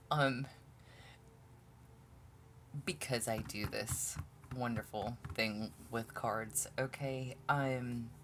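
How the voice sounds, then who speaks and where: A woman's voice: extremely low pitch, slight background noise. A woman giving a casual tarot reading to her viewers, blunt and exasperated, swearing often and stumbling over her words. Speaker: tarot reader.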